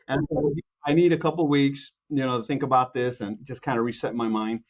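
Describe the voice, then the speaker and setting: A man from Chicago, a composer and guest, telling anecdotes with lively acted-out quotes, many restarts and laughs. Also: medium pitch, fairly quick, muffled recording. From Chicago, USA. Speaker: music producer and film composer, guest. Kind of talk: animated anecdotal storytelling.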